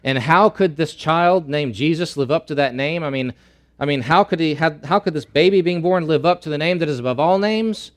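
His voice sits a little high as he preaches. The pastor repeats his central phrases and moves back and forth between booming emphasis and slow, whispered lines.

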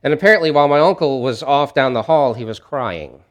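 A man's voice: mid-range voice, brisk. A man preaching a sermon as a pastor, telling a story in a conversational way with frequent restarts.

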